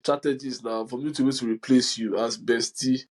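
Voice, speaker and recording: A man's voice: mid-range voice, moderate pace, poor audio. A young man, hosting a podcast in casual chat and telling stories animatedly with frequent laughter. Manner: animated storyteller, laughs often. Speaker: podcast host.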